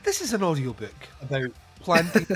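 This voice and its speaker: A man's voice: on the high side, huge pitch swings, a little fast, faint music behind. A man co-hosting a casual podcast, rambling through jokey, teasing asides. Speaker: podcast co-host.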